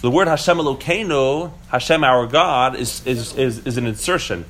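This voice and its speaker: Man, mid-pitched voice, teacher, casual Torah class, rhetorical questions, restarts. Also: normal speed, a bit bright.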